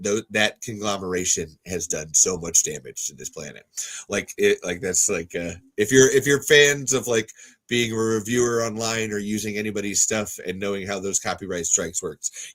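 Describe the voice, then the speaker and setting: A man's voice: lowish voice, normal speed, a bit bright. A man co-hosting a podcast in casual chat, rambling and swearing, with lots of restarts and filler words. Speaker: podcast co-host.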